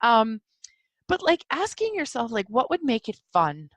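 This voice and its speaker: A woman's voice: on the high side, wildly swooping pitch, unhurried, a bit bright, no echo, lo-fi sound. A woman hosting a solo podcast, rambling and giggling as she talks through yawns about spiritual ideas. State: yawning, sleepy. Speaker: podcast host. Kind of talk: casual solo podcast talk.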